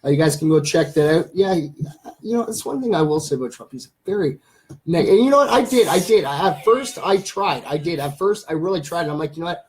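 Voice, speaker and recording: A young man talks in a loose, rambling way while hosting a casual livestream. His voice sits a little higher than most men's, and he keeps breaking off to greet viewers and read their comments. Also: lively intonation, fairly quick. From Canada. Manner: rambling, chatty, reads viewer comments aloud. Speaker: livestream host.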